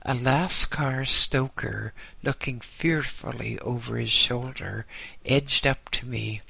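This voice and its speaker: A man giving scripted first-person narration in a measured, deliberate way. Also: medium pitch, vocal fry, bright, forceful tone, slightly rough, no room sound.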